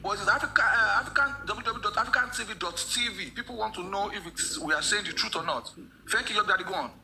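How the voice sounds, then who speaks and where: A man's voice: high-pitched, fast, creaky, noisy background. A man hosting a live stream, repeating himself as he addresses viewers. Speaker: host.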